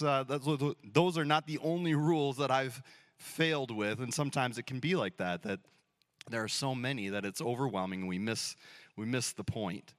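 A man's voice: fairly high pitch, fairly bright tone, no room sound, clean studio sound. A man in his thirties preaching a sermon as pastor in a church, telling stories casually and playfully acting out dialogue. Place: church sanctuary.

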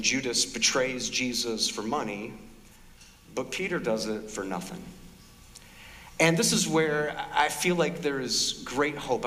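A middle-aged man preaching a sermon as a pastor, in a conversational, animated storytelling way. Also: a little high. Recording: long hall reverb.

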